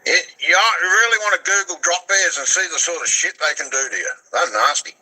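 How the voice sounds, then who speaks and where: An Australian man in his sixties talks casually in a blunt, laconic way, swearing freely as he spins his yarns. His voice is very bright and forceful, sitting a little high. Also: fast, husky, low-quality recording. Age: 60s. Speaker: guest. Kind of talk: casual chat.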